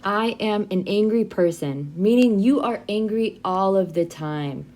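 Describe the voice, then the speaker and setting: A young adult woman teaches learners an English vocabulary lesson, modeling phrases slowly and clearly so they can repeat them. Her voice is medium-pitched, animated, and dark in tone.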